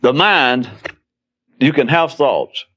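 A man's voice: medium pitch, animated, takes it slowly, fairly bright tone. A man giving a spoken philosophical talk in a wry, conversational way, now and then acting out quoted outbursts. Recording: dull lo-fi recording.

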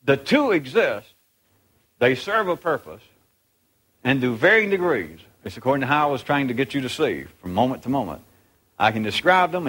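A man's voice: mid-range voice, fairly bright tone. A man speaking to a live group in a rambling, conversational way, acting out the voices of the people in his stories. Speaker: speaker addressing a live audience. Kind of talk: unscripted talk to a group.

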